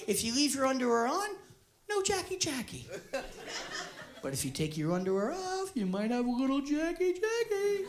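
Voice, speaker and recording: A man, a stand-up comedian telling a story loudly and profanely on stage. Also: extremely high pitch. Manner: loud, profane, often yelling. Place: theater stage before a live audience. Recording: live show with audience laughter.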